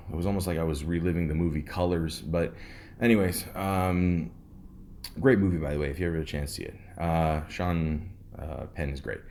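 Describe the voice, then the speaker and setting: A man's voice: sits low, darkish tone. A middle-aged man hosting a podcast, telling a story in a rambling, sarcastic way with lots of fillers and restarts. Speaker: podcast host. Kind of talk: casual storytelling monologue.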